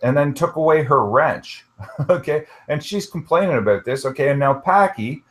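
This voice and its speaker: A man's voice: on the high side, lively intonation, normal speed. A man arguing heatedly in an online group chat, swearing often and punctuating every point with "okay". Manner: argumentative, keeps inserting "okay" and swearing. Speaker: participant in an online group hangout. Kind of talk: heated casual argument.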